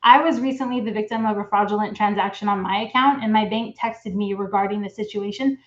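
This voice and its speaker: A woman's voice: mid-range voice, brisk, reverberant, muffled recording. A woman from a credit union giving an informative webinar presentation, explaining things practically with frequent ums and uhs.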